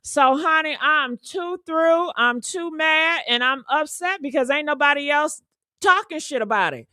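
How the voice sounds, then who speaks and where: A woman with a high, bright, sharp voice rants on a livestream. She is loud and fiery, swears freely and talks straight to her viewers. The sound is close and dry, with no room echo. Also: animated, unhurried. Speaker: livestream host. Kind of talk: heated livestream rant.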